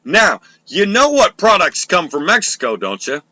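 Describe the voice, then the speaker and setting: Animated high-voiced ranting male host. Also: moderate pace, no echo, poor audio. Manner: heated, sarcastic, swearing. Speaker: show host. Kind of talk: profane live political rant.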